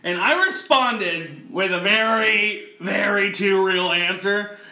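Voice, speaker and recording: A man co-hosting a podcast in casual chat, ranting in a profane, animated way. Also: high-pitched, slow pace, echoey room. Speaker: podcast co-host.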